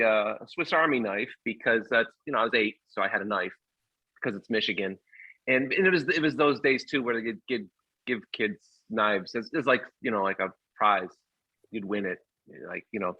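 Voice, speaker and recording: A man with a fairly low voice tells a personal story, halting and full of fillers and restarts. The sound is dry and a little muffled, as from a played clip. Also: dry recording. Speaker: guest storyteller.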